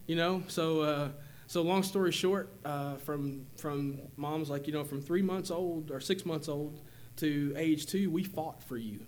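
A man in his forties giving a personal testimony in church, speaking haltingly with many fillers and restarts. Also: on the high side, darkish tone, a little hiss or hum. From Tennessee, USA. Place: church sanctuary.

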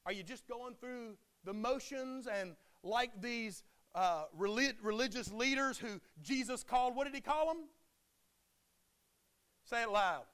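A man preaching a sermon, swinging between loud impassioned declarations and hushed, quiet drops. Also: very high-pitched, measured pace, smooth.

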